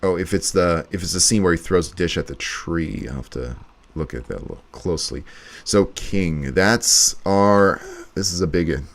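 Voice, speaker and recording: Deep-voiced man thinking aloud. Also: moderate pace, vocal fry. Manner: thinking aloud, muttering to himself. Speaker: video editor streaming live. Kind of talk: casual live commentary while editing.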